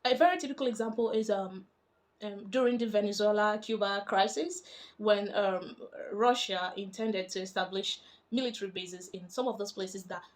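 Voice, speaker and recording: A woman's voice: mid-range voice, moderate pace. A woman, chatty and emphatic, explaining international politics in a casual vlog. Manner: chatty and emphatic, animated when making points.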